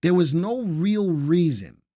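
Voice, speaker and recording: A man's voice: high voice, expressive, slow, mellow, no room sound. A man hosting a live stream about the stock market, who chats with viewers, greets them by name and cracks jokes.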